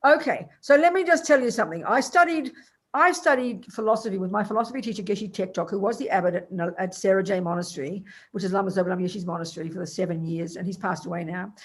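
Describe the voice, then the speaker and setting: An older woman with an Australian accent teaches a class as a Buddhist nun. Her voice is husky and a little breathy, and her delivery is blunt and colloquial, full of teasing endearments. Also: mid-range voice, fast talker. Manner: blunt, colloquial, teasing, calls listeners darling and sweetie pies.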